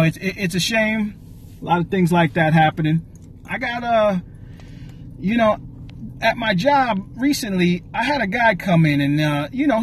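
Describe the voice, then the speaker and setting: A man's voice: sits high, a little hiss or hum. A man, ranting casually and profanely to his viewers in a rambling, wisecracking way. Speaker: vlogger. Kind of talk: casual rant to camera.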